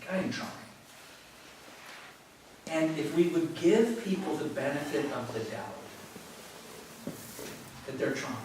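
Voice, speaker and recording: A man giving a relaxed, conversational spiritual talk to a yoga class, telling stories and chuckling often. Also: a little high, takes it slowly, pauses often. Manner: conversational, storytelling with frequent chuckles. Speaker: teacher. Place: yoga studio. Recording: very echoey room from far off, faint noise.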